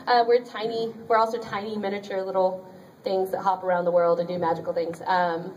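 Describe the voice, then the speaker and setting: A woman's voice: medium pitch, level tone, brisk, darkish tone, slight background noise. Bubbly woman on a distant panel mic. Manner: bubbly, chatty, laughs often, many "like"s. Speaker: voice actress on a convention panel. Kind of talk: animated anecdote telling to a live audience. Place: convention panel room.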